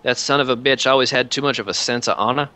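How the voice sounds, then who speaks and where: A man voicing a gruff, blunt Southern woman commander who swears freely and calls people honey and son, with a Southern accent. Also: mid-range voice, fairly even intonation, fast, sharp tone, natural voice.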